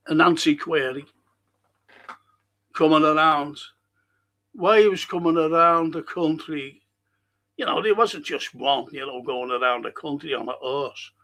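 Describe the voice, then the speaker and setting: A man's voice: a little high, unhurried, pauses often, pushed and bright. A man hosting a live-streamed local history show, chatting casually with viewers, rambling and swearing freely.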